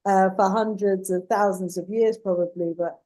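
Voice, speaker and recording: A woman hosting a live talk show who reads audience comments and speaks with earnest, measured emphasis, calling her guests "beloved". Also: mid-range voice, fairly even intonation, mellow. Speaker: host.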